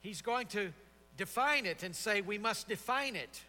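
A man's voice: high-pitched, expressive, measured pace, bright, forceful tone. A man preaching an expository sermon in a seminary chapel, building his points with emphatic repetition. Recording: long chapel reverb.

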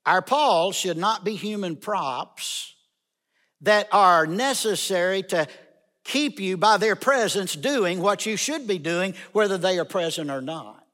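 A man's voice: sits high, lively intonation, a little slow, fairly bright tone. A man preaching a sermon in a chapel, emphatic and repeating key phrases for stress. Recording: long chapel reverb.

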